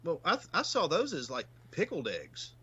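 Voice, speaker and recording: A man's voice: on the high side, huge pitch swings, moderate pace, bright, forceful tone, husky, dry recording, dull audio. A man with a Southern US accent, a podcast guest talking things through and stumbling over repeated words. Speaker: guest, paranormal investigator. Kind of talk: casual chat.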